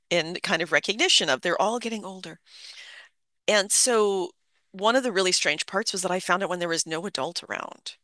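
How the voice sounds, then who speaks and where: An adult in their fifties telling a personal memory in a halting, reflective way, full of fillers and restarts. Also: mid-range voice, sharp tone, no room sound. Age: 50s.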